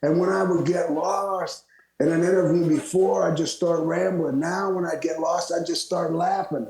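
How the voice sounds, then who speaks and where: An older man from Florida, a retired wrestler, telling lively stories as a guest and laughing often. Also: on the high side, moderate pace, vocal fry, a loud crowd. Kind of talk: storytelling interview. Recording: roomy echo.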